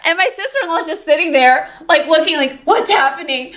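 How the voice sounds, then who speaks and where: A woman's voice: sits high, fairly quick, background noise. A woman in her thirties, a podcast guest telling her story in casual chat, acting out her own and others' reactions. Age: 30s.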